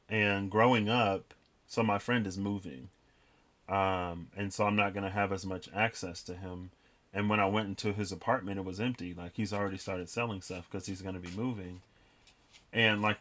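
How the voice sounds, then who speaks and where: A man's voice: fairly low pitch, a bit bright. A young man reading tarot cards and chatting in a rambling, reflective way with many fillers. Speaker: tarot reader. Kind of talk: casual tarot reading vlog.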